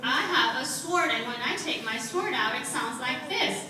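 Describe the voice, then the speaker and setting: A woman playing a cocky giant male warrior in a live church skit, talking in a dry, deadpan way. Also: high-pitched, normal speed. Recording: echoey hall, distant mic, noisy.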